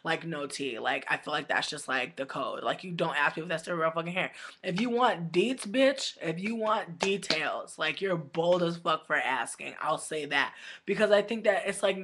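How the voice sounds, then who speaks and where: A woman's voice: sits low, a little fast, a little hiss or hum. A woman vlogger telling stories in a blunt, profane, casual rant, full of "like" fillers. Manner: profane, blunt, heavy use of filler 'like'; animated, indignant storytelling.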